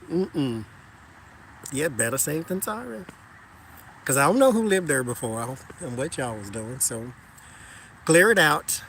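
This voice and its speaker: A man casually chatting with his viewers while walking outside, animated and joking, talking to them as "y'all". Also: on the high side, a little slow, long pauses, a little hiss or hum. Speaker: tarot reader chatting with live viewers.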